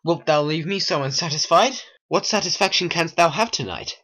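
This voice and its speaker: A man's voice: a little high, moderate pace, pushed and bright. A man voicing a young lovestruck woman in a homemade stop-motion animation, speaking earnestly.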